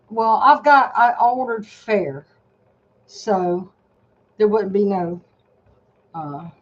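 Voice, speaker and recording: A woman's voice: medium pitch, a little mellow, muffled recording. An older woman vlogging a casual product review from her home desk, chatty and rambling as she talks straight to her viewers.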